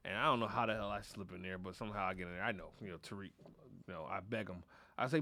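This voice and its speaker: A man co-hosting a podcast, telling stories in a loud, animated, profane way and laughing often. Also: low voice, racing. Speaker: podcast co-host. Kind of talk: casual chat.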